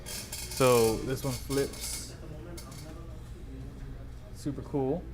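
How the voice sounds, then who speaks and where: A man runs through the week's new releases in a casual, rambling way, full of fillers and excited asides. His voice sits at an ordinary middle pitch. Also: very slow. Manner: rambling, enthusiastic, filler-heavy. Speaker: comic shop host. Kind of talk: casual product rundown. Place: comic book store.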